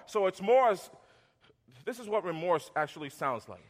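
A man in his thirties or forties preaching a sermon as pastor, conversational, repeating words and going soft when acting out apologies. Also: high voice, lively intonation, normal speed, long reverb tail.

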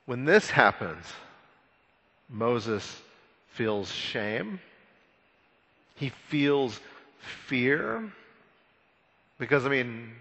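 A man preaching a sermon, retelling a scripture story in a conversational, animated way with frequent repeated words. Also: mid-range voice, long reverb tail, dull audio. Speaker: pastor.

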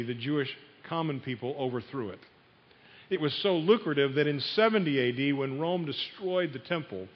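A man preaching a sermon, telling a story and putting questions to his listeners. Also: mid-range voice. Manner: storytelling, asks the audience questions. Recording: dull sound in a long-reverb hall.

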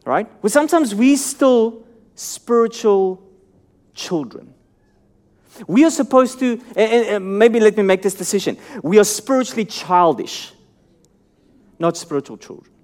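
A man preaching a sermon, earnest and searching, asking the listeners questions and dropping his voice low and soft to stress a point. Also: animated, measured pace, pauses often.

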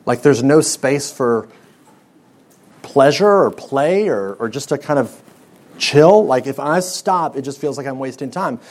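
A man's voice: mid-range voice, expressive, unhurried, a little mellow. A young man, giving a conversational sermon to students and asking them frequent rhetorical questions. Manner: conversational preaching with rhetorical questions and pop-culture stories. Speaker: speaker to a student audience.

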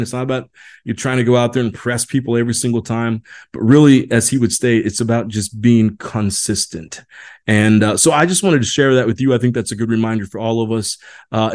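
This 40-something Indiana man hosts a leadership podcast as a casual, folksy monologue, saying "y'all" and rambling with lots of fillers and restarts. His medium-pitched voice is steady and darkish in tone, and he talks fairly quickly.

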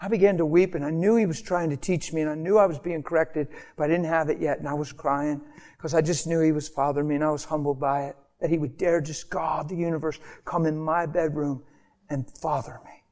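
Man preaching, gets emotional, repeats stuff for punch, slightly high voice. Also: steady tone, a little fast, a little mellow. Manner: emotional, with rhetorical repetition and sudden drops to a near whisper. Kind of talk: impassioned sermon.

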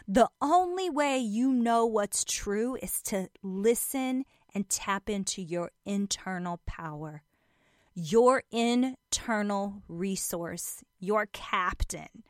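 A woman's voice: a little high, sharp tone, dry recording, studio quality. A woman giving a motivational self-help talk, speaking emphatically, repeating her points and addressing the listener directly as a friend.

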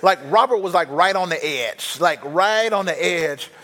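A middle-aged male pastor preaching an animated, humorous sermon that builds to rousing exhortation. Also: high voice, a little slow. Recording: reverberant hall.

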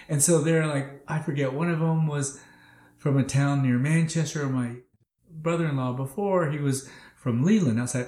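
A man who drives for a rideshare service, telling stories in a casual, animated chat full of "like". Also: fairly high pitch, normal speed. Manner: animated, laughing, leans on "like". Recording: roomy echo.

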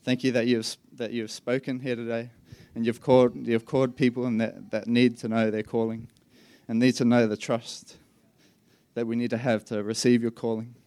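A man's voice: mid-range voice, level tone, fairly quick, a little mellow, dry recording. A pastor closing a sermon with prayer, fervent and repeating words as he goes.

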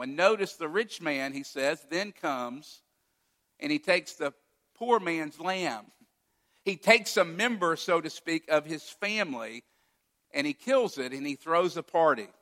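A pastor delivers a sermon in a fairly high, sharp-toned voice, retelling a story and voicing its quoted lines with feeling. The recording carries a long hall reverb.

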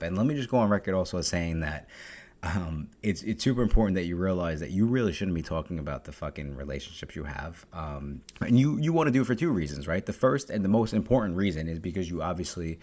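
Young male solo podcast host, deep voice, blunt and heavily profane delivery. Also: lively intonation, darkish tone. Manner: profane, blunt, fast-talking. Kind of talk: casual solo podcast monologue.

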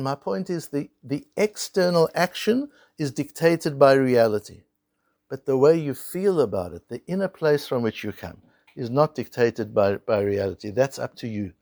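A man giving a Torah lecture in a dry, close-sounding recording, his gravelly voice sitting a little high and swinging widely in pitch. He keeps posing rhetorical questions and slipping into quick acted-out scenes to press his point. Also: expressive, darkish tone, no echo. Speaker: Torah teacher.

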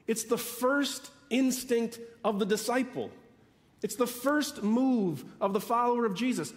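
High-voiced man preaching in a reverberant hall. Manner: emphatic preaching with repeated phrases and dramatic pauses. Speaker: pastor. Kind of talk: sermon.

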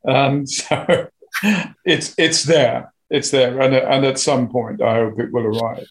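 A man's voice: mid-range voice, steady tone, takes it slowly, rough recording. An older man, an actor, talking as an interview guest in a hesitant, self-deprecating way with small chuckles. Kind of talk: interview conversation.

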